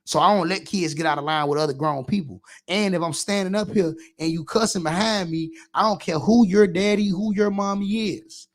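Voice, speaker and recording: A man's voice: high-pitched, brisk, few pauses. A man, a youth football coach, giving an impassioned radio monologue, preachy and emphatic, acting out how he scolds kids.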